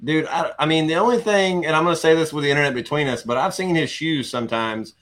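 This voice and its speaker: Joking male host, loose slangy banter, bright forceful tone. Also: on the high side, quick pace. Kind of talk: casual podcast chat.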